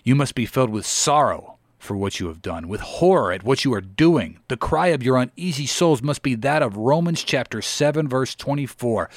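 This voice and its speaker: A man preaching a sermon with solemn, exhorting weight and old-fashioned scriptural phrasing. His voice sits at a middling pitch. The recording is dry and close, with no room sound. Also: animated, moderate pace, few pauses, dry recording.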